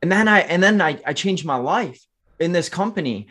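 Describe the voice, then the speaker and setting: A man's voice: on the high side, animated, moderate pace, bright, forceful tone. A man in his twenties, a podcast guest, telling his life story in an earnest, motivational way and often turning to the listeners directly. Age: 20s. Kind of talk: candid storytelling interview.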